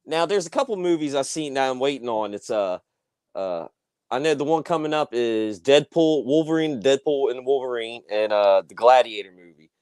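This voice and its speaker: A man's voice: medium pitch, expressive, moderate pace, darkish tone, smooth, no room sound. A man co-hosting a casual chat show, rambling and laid-back with lots of fillers. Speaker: podcast co-host.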